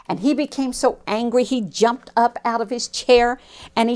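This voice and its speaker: A woman telling a missionary story to children, expressive and slow, with preachy asides to her listeners. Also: a little high, clean tone.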